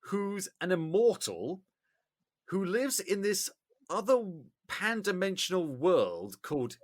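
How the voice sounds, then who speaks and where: A man with an English accent, hosting a podcast in casual chat and telling stories with animated bits. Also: sits high, takes it slowly. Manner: animated storyteller, acts out bits loudly. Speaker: podcast host.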